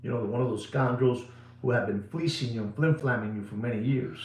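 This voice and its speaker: A middle-aged man hosting a live watch sales show. He is repetitive and showy, swings between booming and hushed delivery, and slips Spanish words into his English. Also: a little fast. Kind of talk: live sales pitch to viewers. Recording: roomy echo.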